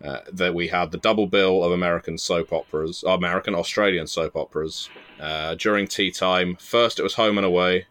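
A man's voice: deep voice, fairly even intonation, a little fast, few pauses, fairly bright tone. A man with a Southern English accent hosting a casual podcast chat, self-deprecating and full of filler restarts. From England. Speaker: podcast host and interviewer.

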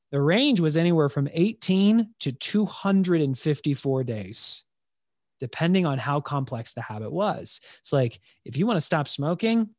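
A man in his thirties, a podcast guest, telling stories in an earnest, animated way. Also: mid-range voice, no room sound, clean studio sound. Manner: earnest, animated, acts out quotes. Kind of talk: conversational storytelling.

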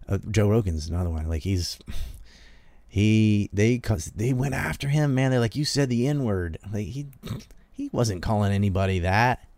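A man's voice: low-pitched, darkish tone, no room sound. A man from the American South hosting a podcast, talking in a rambling, casual way, trailing off, restarting and laughing often. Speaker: podcast host. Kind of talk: casual political chat.

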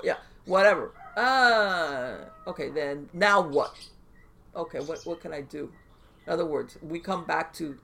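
A woman guest on a podcast, telling stories in a casual, animated way with lots of fillers and restarts. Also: low voice, unhurried, vocal fry. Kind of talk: casual conversational storytelling.

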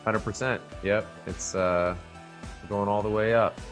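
A man's voice: lowish voice, steady tone, unhurried, faint music behind. A man hosting a podcast in casual chat, rambling with lots of fillers and restarts. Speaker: podcast host.

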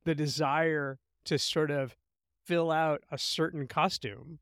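A middle-aged man, a writer, talking as an interview guest, telling stories in an animated, thoughtful way. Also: a little high, slow, clear, resonant tone, dry recording, clean studio sound. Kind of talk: conversational interview.

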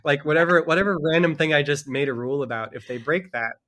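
A middle-aged man talks casually as a guest author. He is an animated storyteller who jumps into little character voices as he recounts a book. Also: a little high, fast talker. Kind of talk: casual conversation.

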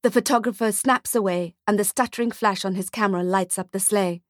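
A woman narrating a dark-humoured short story audiobook in a measured, scripted reading. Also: medium pitch, no echo, studio quality.

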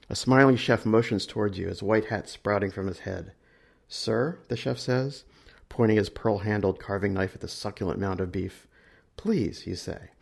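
A man reading a short story aloud in a dry, measured second-person narration. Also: on the low side, creaky, a little mellow, husky. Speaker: story reader.

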